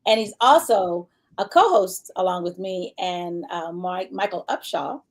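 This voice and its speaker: A woman's voice: lowish voice, a little slow. Chatty woman talk-show host. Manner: chatty, rambling with fillers. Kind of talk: casual interview chat.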